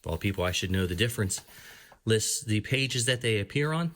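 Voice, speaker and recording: A man hosts his own review channel, leafing through a book and reading out entries. His voice sits on the low side, and his delivery stays casual and chatty, with quick asides between pages. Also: expressive, a bit bright. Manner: chatty, reads entries aloud, small laughs. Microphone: camera framing his hands and a book.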